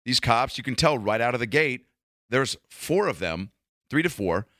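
A man's voice: mid-range voice, expressive, normal speed, a bit bright, dry recording, clean studio sound. A man, a comedian, rambling through a profane, casual monologue full of restarts.

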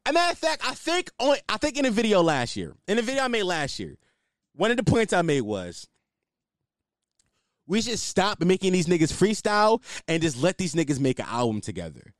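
Animated young man ranting casually. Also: sits high, fairly quick, no room sound, studio quality. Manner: animated, ranting, swears freely. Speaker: podcast host. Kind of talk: casual solo commentary.

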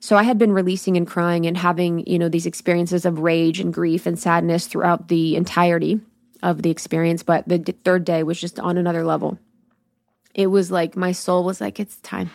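A woman's voice: fairly low pitch, little pitch movement, a little fast, no echo. A woman hosting her own podcast alone, telling a personal story candidly and with swearing, and acting out her own thoughts as she goes. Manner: acts out her own inner dialogue. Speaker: podcast host. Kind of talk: solo podcast recap.

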